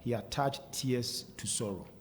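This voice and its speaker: A Ghanaian man talking as a radio guest, earnest and measured, often checking in with "okay?". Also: medium pitch, a little hiss or hum. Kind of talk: candid radio talk. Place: radio studio.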